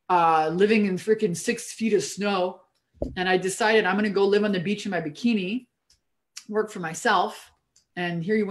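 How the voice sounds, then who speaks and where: A middle-aged woman from Canada, a business coach giving a blunt, profane, emphatic motivational talk on a live stream from her home office. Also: medium pitch.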